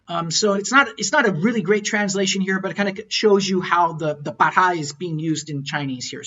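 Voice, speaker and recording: Bright-voiced man teaching tones, lo-fi. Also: high-pitched. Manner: explains, then repeats example phrases slowly and clearly. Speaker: language teacher. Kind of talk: online pronunciation lesson.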